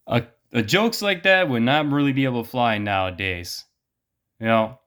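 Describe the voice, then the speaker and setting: A man's voice: medium pitch, a bit bright, clean tone. Blunt, profane man ranting. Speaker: vlogger. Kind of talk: opinion monologue.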